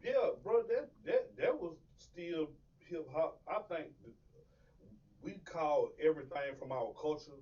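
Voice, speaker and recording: A man in casual chat who talks in halting bursts and restarts his phrases. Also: on the high side, expressive, slightly rough, far from the mic. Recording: dull lo-fi audio from off mic.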